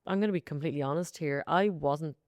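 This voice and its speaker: A woman co-hosting a music podcast, chatting casually in quick bursts. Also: deep voice, a little mellow, no echo, studio quality. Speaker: podcast co-host. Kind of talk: casual chat about music.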